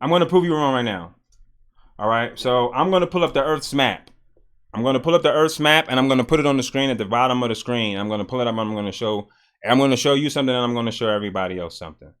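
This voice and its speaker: A man hosting a livestream, arguing loudly and emphatically with a guest, with frequent profanity. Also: mid-range voice, very fast, clear, resonant tone. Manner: loud, emphatic, profane, argumentative. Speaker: livestream host. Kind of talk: heated political debate on a livestream.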